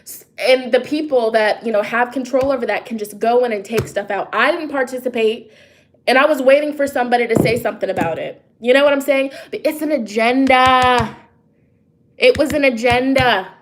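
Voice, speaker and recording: A woman's voice: fairly high pitch, moderate pace, slight background noise. A woman who reads tarot, talking casually and emphatically to her viewers, often asking them questions and restarting sentences as she goes. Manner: emphatic, talks straight to viewers with rhetorical questions; loose and conversational, with frequent restarts and asides. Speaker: tarot reader and psychic. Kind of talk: casual vlog monologue.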